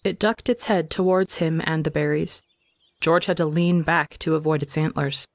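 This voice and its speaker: Male reader for audio fiction; calm, measured delivery, dry close recording. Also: a little high, no echo. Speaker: fanfiction reader. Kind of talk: scripted narration.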